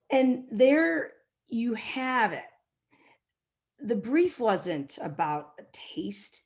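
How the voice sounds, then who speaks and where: A woman's voice: fairly high pitch, expressive, takes it slowly. Woman telling a business story on stage. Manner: anecdotal, acts out quotes in softer voices. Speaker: keynote speaker, marketing executive.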